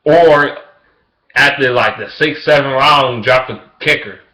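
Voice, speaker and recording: Young man with a bright, forceful voice, profane and repetitive, in a casual sports rant recorded in an echoey room. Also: a little slow. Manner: swings from loud excitement to low mutters. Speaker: vlogger.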